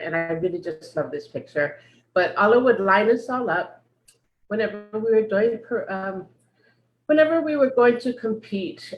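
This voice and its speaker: A woman telling a heartfelt story at a memorial gathering, in a gentle voice over a video call. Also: medium pitch. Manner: gentle, growing softer and quieter. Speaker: memorial speaker. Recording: roomy echo.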